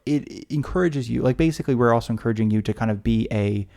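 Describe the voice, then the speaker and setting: Brief: quick, gravelly American guy, dark tone, rambling co-host. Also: mid-range voice. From United States. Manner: rambling, lots of restarts and fillers. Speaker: podcast co-host. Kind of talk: casual chat.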